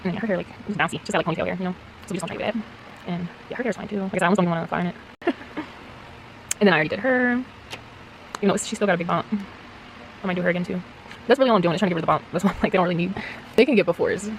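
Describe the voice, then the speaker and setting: A woman's voice: on the low side, rapid-fire, pauses often, a little hiss or hum. A young woman chatting casually to camera about restoring dolls, rambling and slangy, with lots of laughs. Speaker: doll restoration vlogger.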